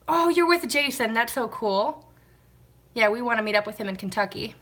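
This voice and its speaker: A woman chats casually on a live stream from home, greeting viewers by name and answering their comments. Her voice is bright and a little sharp. She keeps talking as she washes glasses by hand. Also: on the high side, expressive, normal speed. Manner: talks while washing glasses by hand. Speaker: vlogger hosting a live stream.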